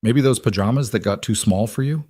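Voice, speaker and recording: A man voicing a kind single father who speaks quietly and gently, in a dry recording. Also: fairly low pitch, fairly quick, husky, no room sound. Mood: gentle.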